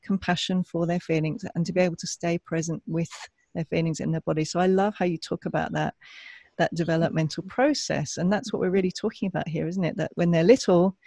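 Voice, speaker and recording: High gravelly man, effusive and affirming. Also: steady tone, fairly quick, darkish tone, no room sound. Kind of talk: casual podcast conversation.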